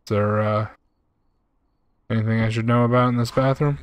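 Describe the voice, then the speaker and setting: A man's voice: lowish voice, fairly even intonation, moderate pace, pauses often, smooth. A young man streaming a game, chatting casually with his viewers and reading their messages aloud. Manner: laid-back, chatty, says "bro" a lot. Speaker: gaming streamer. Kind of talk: live gameplay commentary reading chat.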